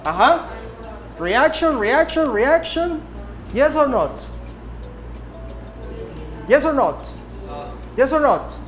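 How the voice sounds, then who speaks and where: A woman English teacher in a classroom, slowly repeating prompts and drilling her students. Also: sits high, very animated, faint music behind. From Nicaragua.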